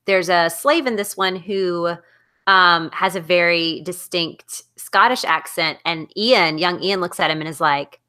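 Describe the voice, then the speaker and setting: Middle-aged Southern woman, podcast co-host, rambling casual book talk. Bright, forceful voice sitting a little low for a woman. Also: a little slow. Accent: Southern American. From American South. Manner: chatty, rambling, many fillers and restarts. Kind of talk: casual book discussion chat.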